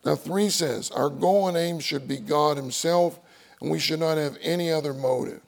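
A man's voice: a little high, moderate pace, gravelly. A man preaching a sermon, reading outline points aloud and repeating key phrases for emphasis.

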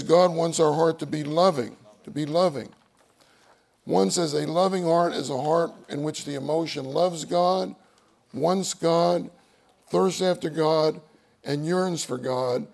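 A man's voice: on the high side, gravelly, darkish tone. A man preaching a sermon, reading outline points aloud and repeating key phrases for emphasis.

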